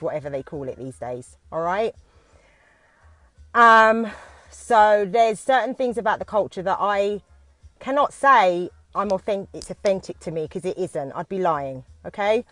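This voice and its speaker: A British woman who teaches dance talks into her phone from inside a parked car on a live video, nervous and halting, with frequent restarts. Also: medium pitch, a bit bright, no room sound. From United Kingdom.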